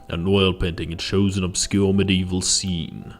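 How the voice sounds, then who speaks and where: A man's voice: sits low, flat delivery, moderate pace, few pauses, faint music behind. A man giving casual, jokey gameplay commentary, ad-libbing as he plays. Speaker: let's play commentator.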